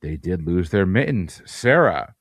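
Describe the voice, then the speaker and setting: Brief: man, low pitch, quizmaster, brisk and playful, dry close sound. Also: big pitch swings, dry recording. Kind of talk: reading trivia questions.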